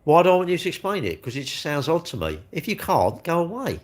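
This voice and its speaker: A man's voice: a little high, big pitch swings, fast, hardly any pauses. A man, chatting casually on a live stream, rambling and blunt as he answers comments. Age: 60s.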